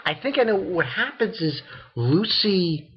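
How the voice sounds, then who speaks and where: A man with a somewhat high, husky voice recaps an episode in loose, excitable talk. He rambles, restarts his sentences and breaks into laughter. The sound is dull and lo-fi, like a cheap home mic. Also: measured pace. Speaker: anime episode reviewer. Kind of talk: casual spoken episode recap.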